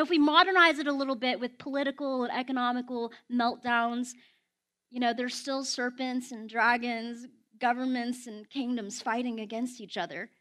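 Young woman, slightly high voice, sharing a candid, emotional sermon in a conversational storytelling way. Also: pushed and bright. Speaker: speaker at a prayer house. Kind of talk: heartfelt personal sermon.

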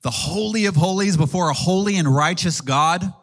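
This thirty-something man preaches in a high-pitched, fairly bright voice. His sermon feels earnest and conversational, with questions aimed at the congregation and frequent ums as he pauses.

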